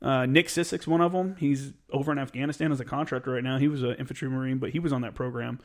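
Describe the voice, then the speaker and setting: A man in casual podcast conversation, telling military stories with plenty of swearing and acting out other people's lines with sudden jumps in his voice. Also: fast. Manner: profane, animated, acts out others' lines with jumps in pitch. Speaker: Marine veteran podcast guest. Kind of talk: casual storytelling chat.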